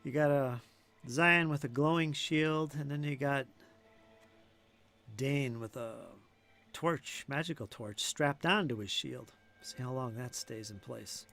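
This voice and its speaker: Casting note: male game master, mid-pitched, relaxed and chatty narration for a tabletop game. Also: slow pace, creaky. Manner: relaxed, conversational, with frequent fillers.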